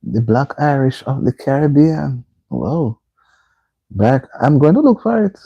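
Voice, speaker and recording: A man's voice: mid-range voice, very animated, a little slow, dark tone, husky, dry recording, lo-fi sound. A man hosting a casual live stream, reading viewer comments aloud and repeatedly asking people to like the stream. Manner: reads viewer comments aloud and keeps urging likes.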